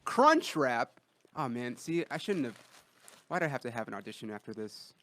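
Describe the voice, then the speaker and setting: A man hosting a podcast in a studio, telling a story in casual chat and getting loud when he acts out quotes. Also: mid-range voice, animated, fast talker, slight background noise. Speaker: podcast host. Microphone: studio mic.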